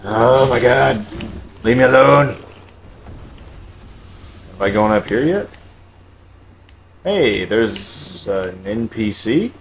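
A man playing a video game live, cursing often and breaking into loud, high-pitched outbursts. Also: lively intonation, takes it slowly, creaky, pauses often, a little hiss or hum. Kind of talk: swearing live game commentary.

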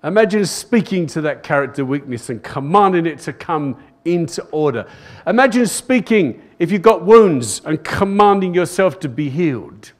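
With a fairly high, expressive voice at normal speed, an older pastor delivers a sermon to a live congregation in church. He stresses points by repeating phrases and asks the room "Amen?"; the service was recorded live.

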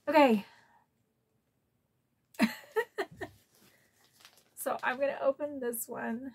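An emotional woman from Florida unboxes birthday gifts on a vlog. She talks slowly and effusively in a somewhat high voice. Soft background noise runs under her. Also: big pitch swings. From Florida, USA. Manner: gushing, emotional, easily moved to tears. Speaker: collector vlogger.

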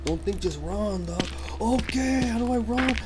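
Slangy, cursing young gamer with a high voice. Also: male voice, animated, unhurried, low-quality recording. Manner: profane, slangy, keeps saying "dog", yells in panic at scares. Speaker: gameplay streamer. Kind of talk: casual let's play commentary. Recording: loud game music behind the voice.

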